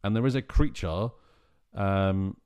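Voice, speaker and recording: A man with a Scottish accent, co-hosting a casual film-review podcast in an animated, exasperated way and swearing freely. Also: low voice, a little slow, smooth. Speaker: podcast co-host.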